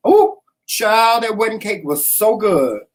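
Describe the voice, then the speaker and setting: Guy cohosting a chat show, AAVE, animated and chatty, keeps saying child. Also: high-pitched, takes it slowly, over a noisy crowd. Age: adult, has a son about to marry. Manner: animated storyteller, says "child" often. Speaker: co-host. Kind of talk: casual chat.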